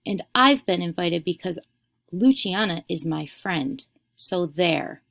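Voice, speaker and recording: A woman's voice: lowish voice, expressive, slow, gravelly, fairly bright tone, no echo, heavily acted. A woman teacher reading aloud as a proud, stubborn young girl who talks back to her mother. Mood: defiant. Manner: defiant, pleading. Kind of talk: read-aloud storytelling.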